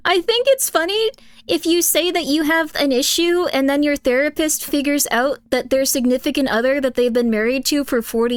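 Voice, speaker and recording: Woman streamer just chatting, kinda rambly, lots of likes and laughs, slightly high voice. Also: clean tone, dry recording. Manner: rambling, frequent fillers and laughter. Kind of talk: casual chat, reacting to chat and videos.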